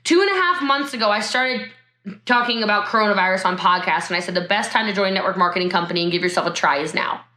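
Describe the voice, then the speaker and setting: Bright, fervent woman. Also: mid-range voice, expressive, fast, roomy sound. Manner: emotional, laughing, talks straight to viewers. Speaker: network marketing speaker. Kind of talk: motivational talk. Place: her home. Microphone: video call.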